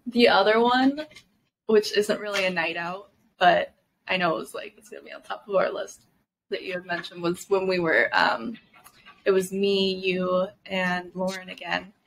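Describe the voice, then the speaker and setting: A podcast co-host in her twenties speaks at normal speed in a low-ish, somewhat bright voice, telling casual stories punctuated by laughs and swearing. The low-quality recording carries a little hiss or hum.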